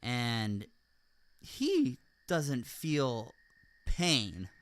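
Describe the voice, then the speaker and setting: A man hosting a podcast talks in casual, emphatic commentary at an average pitch. His voice is smooth and resonant. The sound is close and dry, with little room around it. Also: wildly swooping pitch, extremely slow, fairly bright tone, dry recording. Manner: emphatic, often adds "all right?". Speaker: podcast host.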